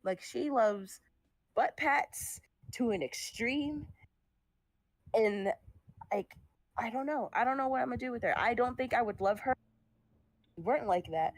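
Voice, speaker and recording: A woman's voice: on the high side, lively intonation, unhurried, long pauses, no room sound. A young woman chatting casually while drawing on a stream, laughing and swearing now and then. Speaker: streamer making art.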